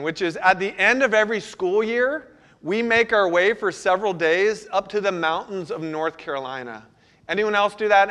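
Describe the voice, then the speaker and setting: A man's voice: high voice, bright, forceful tone. A middle-aged man, a pastor, preaching a sermon with a personal story, talking conversationally and asking the congregation questions.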